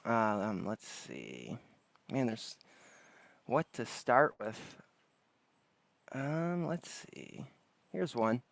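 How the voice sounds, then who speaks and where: A man's voice: mid-range voice, wildly swooping pitch, extremely slow, creaky, long pauses, darkish tone, no room sound. A man hosting a casual late-night livestream, joking around and greeting chatters by name from his porch. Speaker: livestream host. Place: outdoors on a porch.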